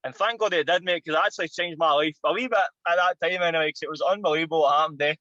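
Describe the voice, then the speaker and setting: A Scottish man in his thirties, a former footballer and podcast guest, telling an animated, sweary anecdote. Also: a little high, very fast, dry recording, highs cut off. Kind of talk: casual storytelling.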